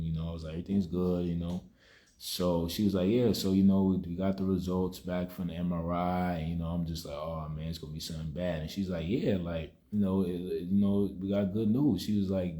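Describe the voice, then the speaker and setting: A young man with a low, dark-toned voice shares a personal testimony as a vlogger. He rambles in a subdued, reflective way, filling his casual talk with "you know."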